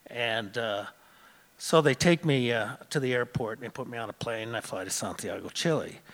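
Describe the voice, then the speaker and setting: A man's voice: mid-range voice, moderate pace, a bit bright, big-room sound. A man from Montana telling a personal travel story in a conversational way, with frequent restarts. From Montana, USA.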